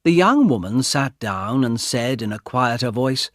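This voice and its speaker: A man reading a story aloud in a clear, deliberate way for English learners. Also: mid-range voice, very animated, no echo, studio quality. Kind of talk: slow scripted story narration for English learners.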